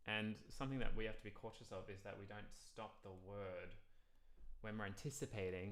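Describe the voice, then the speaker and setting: Low-voiced man teaching music theory. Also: steady tone, a bit bright. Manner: explains by counting and scat-singing rhythms; sings example lines slowly. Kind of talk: live-streamed music lesson.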